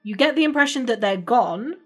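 A woman's voice: on the high side, expressive, brisk, soft background music. A woman narrating as game master of a tabletop role-playing game, casual and swearing freely. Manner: casual, swears, restarts mid-sentence.

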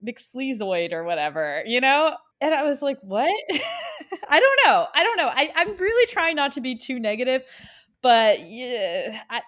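A woman chatting casually on a podcast, animated and laughing often as she talks. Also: sits high, a little slow. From United States. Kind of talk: casual chat.

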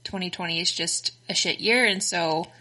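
Texan woman, chatty co-host, rambling with fillers, lowish bright voice. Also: normal speed. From Texas, United States. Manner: rambling, many fillers and restarts. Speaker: podcast co-host. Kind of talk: casual chat.

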